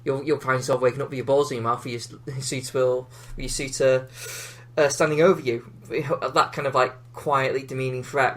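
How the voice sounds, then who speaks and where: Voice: mid-range voice, level tone, a little fast, a bit bright. A podcast co-host chatting casually about a film, rambling and hesitant with frequent fillers and small laughs. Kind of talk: casual film review chat.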